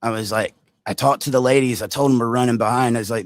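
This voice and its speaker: A man vlogging a story to his viewers, animated and direct, acting out quotes as he goes. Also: medium pitch, quick pace. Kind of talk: storytime vlog.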